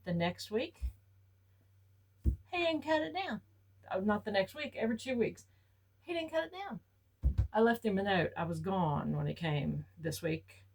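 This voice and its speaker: An older woman, chatting casually to camera about her shopping haul and retelling stories, often jumping up high when she quotes herself. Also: animated, measured pace, gravelly, long pauses, a little mellow, rough recording. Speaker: vlogger showing store purchases.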